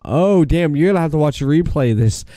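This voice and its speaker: A man's voice: fairly high pitch, lively intonation, fast talker, mellow, no room sound. A man hosting a casual chat show, laughing often and swearing offhandedly. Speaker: talk show host.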